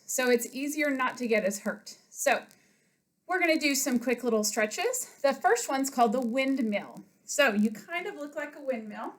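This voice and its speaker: Counting out reps and giving easy instructions, an elementary school PE coach runs a home exercise lesson for children, a little out of breath. She has a high, expressive voice and a moderate pace, captured by a webcam on the far side of the room, so it sounds roomy and distant.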